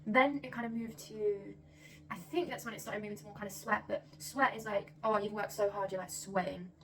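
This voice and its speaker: A young woman in casual chat, quick and full of "like". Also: mid-range voice, steady tone, a bit bright. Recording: mic far off, faint background noise.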